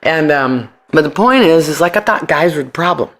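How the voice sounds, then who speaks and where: A middle-aged man as a podcast guest, telling stories in a brash, profane, animated way. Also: fairly high pitch, normal speed. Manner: brash, profane, animated, jumps into voices for quotes. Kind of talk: casual interview storytelling.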